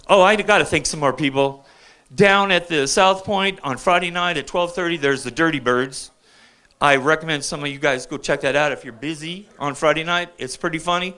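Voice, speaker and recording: An older man with a slightly high, sharp voice tells rambling stand-up stories on a bar stage at an open mic. He's chatty and keeps checking in with the crowd.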